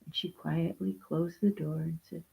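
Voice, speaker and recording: A woman telling a children's story in a slow, expressive way. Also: low-pitched, gravelly, breathy edge.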